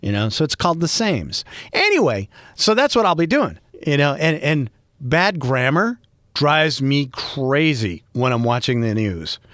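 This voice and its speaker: A man's voice: fairly high pitch, unhurried, no room sound. Rambling Boston man, dry close sound. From Boston area, USA. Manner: rambling, animated, joking asides. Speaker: podcast host. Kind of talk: casual solo monologue.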